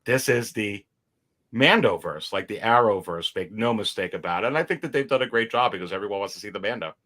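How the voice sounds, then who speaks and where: A man with a fairly low but bright, forceful voice talks on a livestream. He gets animated, repeats his words and laughs easily. He is heard over a video call. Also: a little fast. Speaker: guest toy collector. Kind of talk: casual chat on a livestream.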